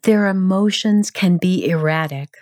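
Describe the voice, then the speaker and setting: A woman narrating a grief support guide in a calm, measured, gentle instructional manner. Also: on the low side, no room sound, clean studio sound.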